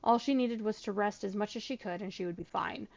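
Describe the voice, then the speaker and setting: A sleepy woman playing a video game who talks through her thoughts and reads in-game letters aloud in a measured way. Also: medium pitch, gravelly, darkish tone, highs cut off. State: sleepy, yawning. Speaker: let's play gamer. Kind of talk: casual gameplay commentary, reading in-game letters aloud.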